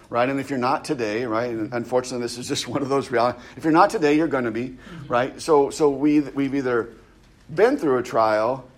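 A man preaching a casual, conversational sermon, often checking in with his listeners and restarting phrases. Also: medium pitch. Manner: conversational, frequent "right?" asides and restarts. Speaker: pastor.

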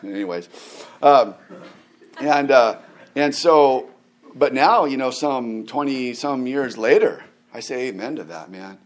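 A man's voice: medium pitch, slow pace. A man in his forties preaching a sermon in a casual, conversational way, with frequent fillers and restarts and emphatic rises. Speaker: pastor.

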